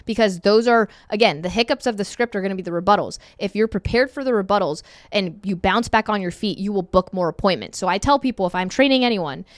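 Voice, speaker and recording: Brief: woman sales trainer on a video call, smooth clear voice, casual coaching tone. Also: mid-range voice, quick pace, few pauses, no room sound, studio quality. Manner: upbeat and conversational, acts out sample calls. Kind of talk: screen-share training session.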